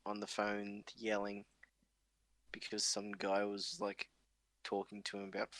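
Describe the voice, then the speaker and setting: A man's voice: lowish voice, monotone, unhurried, fairly bright tone, no echo. Rambling man, dry close mic. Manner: rambling, swears a lot, laughs often. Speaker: podcast host. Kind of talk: casual chat, storytelling.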